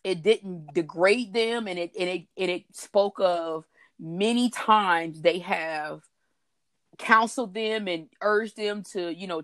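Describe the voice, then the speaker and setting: A woman's voice: medium pitch, dry recording, clean studio sound. A woman co-hosting a faith talk broadcast, chatty and laughing often as she talks. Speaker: podcast co-host. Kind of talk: casual faith talk chat.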